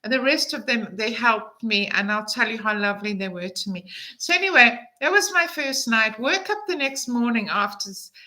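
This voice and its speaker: A woman's voice: fairly high pitch, expressive, moderate pace, sharp tone, rough recording. A woman in her fifties telling a travel story to camera in a chatty, enthusiastic way, with frequent fillers. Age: 50s. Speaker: travel vlogger.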